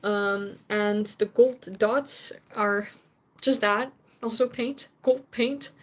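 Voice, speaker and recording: A woman's voice: medium pitch, fairly even intonation, slow pace, a bit bright. A young Dutch woman, whose first language is Dutch, chatting casually with viewers on a stream, laughing often and sometimes searching for English words. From Netherlands.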